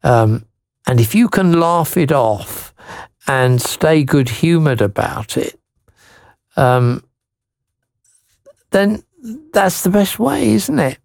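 A man hosting Christian radio, gently reading a listener's letter, encouraging her with tag questions, and praying. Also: fairly high pitch, very animated, takes it slowly, creaky, pauses often, no room sound, clean studio sound.

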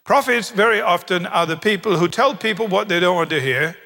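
A British man preaches in a large hall, his fairly high voice trailing off into a long reverb. He is animated and wry, and he slips into the voices of the people in his stories. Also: a little fast. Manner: animated, humorous storytelling with acted quotes. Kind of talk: sermon.

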